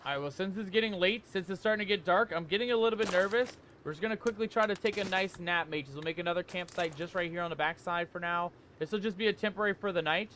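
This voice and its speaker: A man's voice: high voice, fast, hardly any pauses, fairly bright tone, slight background noise. A man hosting a let's play, talking to viewers as "mateys" with pirate slang and breaking into panicky yelps when scared. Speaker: gaming channel host.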